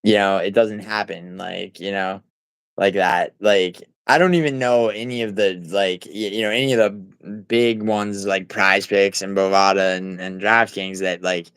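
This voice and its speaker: Streamer guy, lowish smooth voice, casual rambling chat with chat callouts, salty language. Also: little pitch movement, moderate pace, a bit bright, no echo, poor audio. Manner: rambling, many fillers and restarts, swearing; talks back to chat viewers. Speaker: livestream host. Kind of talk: casual livestream chat, reading chat.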